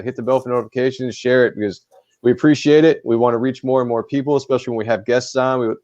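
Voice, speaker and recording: A man's voice: fairly low pitch, darkish tone, dry recording, highs cut off. A man co-hosting a podcast in casual chat, talking bluntly and swearing freely. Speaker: podcast co-host.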